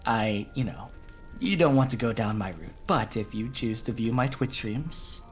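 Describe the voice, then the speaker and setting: A woman streamer introducing herself in a measured, polite way on a voice call. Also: extremely low pitch, lively intonation, soft background music. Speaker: VTuber streamer, guest. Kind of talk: casual chat.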